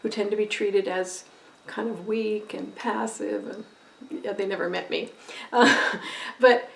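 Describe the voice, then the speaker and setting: A woman teaching a recorded lesson on empathy, expressive and conversational, often checking in with "right?". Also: medium pitch, measured pace, vocal fry, a little hiss or hum. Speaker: empathy educator. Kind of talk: recorded lecture video. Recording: roomy echo, voice from a distance.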